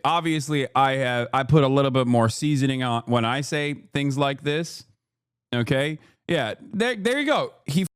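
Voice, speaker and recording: A man in his thirties streaming live, ranting and reacting to news clips in a loud, casual, swearing style. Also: mid-range voice, clear, resonant tone, no echo, studio quality. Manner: animated, ranting, swears, mock voices. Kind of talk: heated casual commentary.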